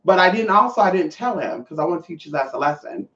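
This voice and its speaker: A woman's voice: fairly low pitch, expressive, racing, few pauses. A trans woman vlogger telling a story to her viewers in a sassy, profane way, calling them honey and y'all. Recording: echoey, distant, dull sound.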